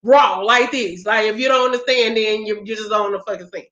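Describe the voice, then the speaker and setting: A woman podcast host with a medium-pitched, slightly bright voice talks at a normal speed. She hosts a casual chat, telling stories in a blunt, profane, fired-up way. The recording sounds roomy, dull, and lo-fi.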